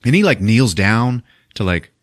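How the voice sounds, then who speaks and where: Animated man retelling a film. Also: fairly low pitch, normal speed, no echo, clean studio sound. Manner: animated storytelling, acting out characters with profanity. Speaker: podcast host recapping a film. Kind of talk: casual chat.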